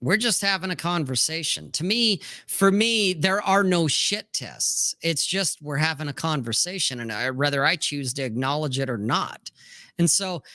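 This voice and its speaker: Man, blunt, profane, acts out dialogue, sharp bright tone, dry close sound. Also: a little high, animated, normal speed, no echo. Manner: blunt, profane, acts out both sides of exchanges. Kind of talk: casual podcast chat.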